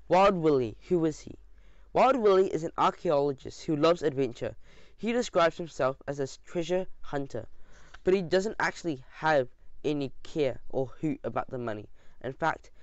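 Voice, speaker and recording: A man narrating a children's audiobook in an expressive, lively storytelling manner, with the odd small slip. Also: a little high, no room sound. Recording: dull dry lo-fi sound.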